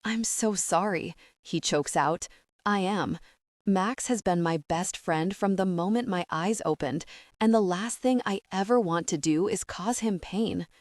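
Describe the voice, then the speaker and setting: A woman's voice: mid-range voice, measured pace, no echo, studio quality, natural voice. A woman voicing a remorseful young man who begs desperately, in an audiobook reading.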